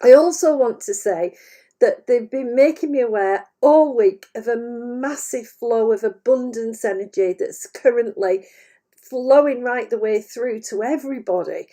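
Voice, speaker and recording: Woman psychic medium, wheezy, mellow and unhurried, gentle and hesitant delivery. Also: on the high side. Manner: gentle, hesitant, laughs often mid-sentence. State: wheezy, clearing her chest. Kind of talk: channelled spiritual message on a livestream. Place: at home.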